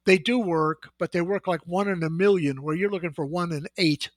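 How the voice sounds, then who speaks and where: A man's voice: sits high, moderate pace, no room sound. A middle-aged sales executive telling anecdotes in a podcast conversation, acting out the voices in his stories. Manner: animated anecdotal storyteller, acts out dialogue.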